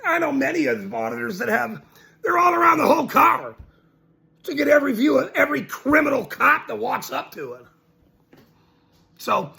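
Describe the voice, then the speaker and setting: A man's voice: very high voice, creaky, pushed and bright. A man ranting to camera, mocking and laughing between his lines and repeating his points emphatically. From Ireland. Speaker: citizen journalist.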